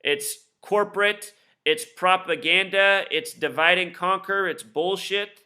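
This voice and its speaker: A man explaining his theories in a solo video, rattling off numbers quickly and insistently, with scornful asides. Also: high-pitched, bright, forceful tone. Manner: rapid-fire, insistent, admits talking too fast; lists numbers and codes in rapid bursts. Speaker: video commentator.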